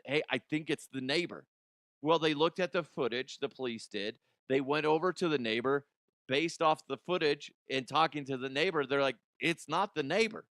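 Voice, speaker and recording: A man hosting a comedic news commentary podcast, animated and joking, now and then breaking into silly high voices. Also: dry recording, clean studio sound. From Colorado, USA. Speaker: podcast host.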